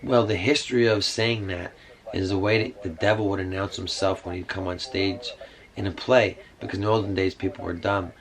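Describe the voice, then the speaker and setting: A man's voice: deep voice, fairly even intonation, fairly quick, low-quality recording. A man rambling through a casual monologue to camera, meandering with many fillers and side remarks. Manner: meandering, full of fillers and asides. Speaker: vlogger. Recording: music playing behind.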